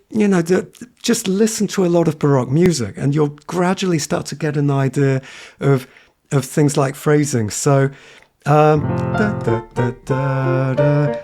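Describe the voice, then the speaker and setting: A man's voice: a little high, a little mellow. A man teaching a piano tutorial, often singing phrases on nonsense syllables as he explains. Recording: piano played behind speech.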